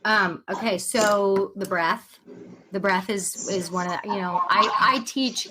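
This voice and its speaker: Woman, parenting coach, webinar, chatty, animated, mid pitch, faint background noise. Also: slow. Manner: chatty, animated, talks straight to the audience. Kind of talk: live webinar teaching.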